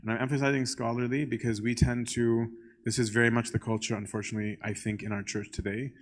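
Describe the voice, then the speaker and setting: A man's voice: medium pitch, flat delivery, fast. A male priest giving a casual church teaching talk, conversational and full of "um" and "right?". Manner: conversational, often asks "right?"; frequent "um" fillers.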